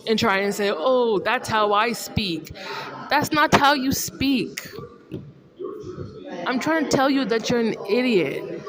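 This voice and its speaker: Indignant woman ranting over crowd noise. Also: mid-range voice. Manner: indignant, repetitive, confrontational. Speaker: vlogger. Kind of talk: rambling monologue to camera.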